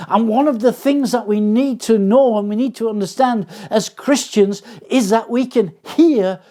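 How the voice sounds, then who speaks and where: Older guy preaching, earnest, takes his time, keeps restarting, mellow dark tone. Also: very high-pitched. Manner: earnest, unhurried, with frequent restarts. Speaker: pastor. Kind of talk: sermon.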